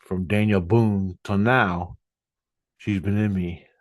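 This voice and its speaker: A man's voice: fairly low pitch, steady tone, slow pace, no echo, clean studio sound. A man telling a spiritual experience in a casual monologue, in an agitated and profane way. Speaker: vlogger.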